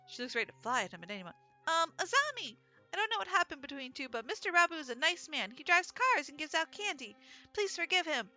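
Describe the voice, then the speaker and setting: Let's play host: a woman reading aloud expressively, high-ish and bright, faint music under. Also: big pitch swings, fast. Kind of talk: reading a visual novel aloud. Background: faint game music.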